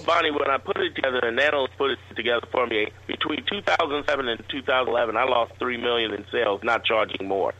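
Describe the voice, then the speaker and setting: A man's voice: mid-range voice, bright, forceful tone, poor audio. A man, a guest entrepreneur, telling a rambling anecdote in a casual interview.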